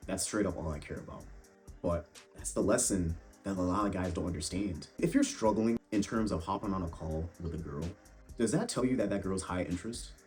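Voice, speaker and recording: A young man with a very deep, low voice delivers blunt, swear-filled dating advice in a casual monologue. He keeps addressing the listener as bro. Faint music plays underneath. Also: fairly quick, darkish tone. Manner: blunt, profane, calls viewers bro. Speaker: fitness and dating vlogger.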